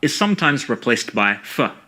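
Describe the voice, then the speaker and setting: A man giving scripted educational narration about speech sounds, in a measured and precise way. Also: mid-range voice, very animated, sharp tone, husky. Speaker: language educator.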